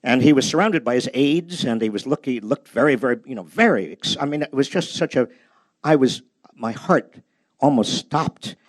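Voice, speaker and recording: A man's voice: medium pitch, expressive, normal speed, no room sound. An older man giving a humorous, anecdote-filled talk about his book at a public library, storytelling with a self-deprecating edge. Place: public library event space.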